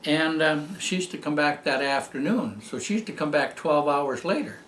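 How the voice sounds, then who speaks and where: An older man telling a personal story as a testimonial, rambling and halting, with many fillers and restarts. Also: on the high side, animated, fairly bright tone, roomy sound, slight background noise. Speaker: patient giving a testimonial. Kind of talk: storytelling tribute.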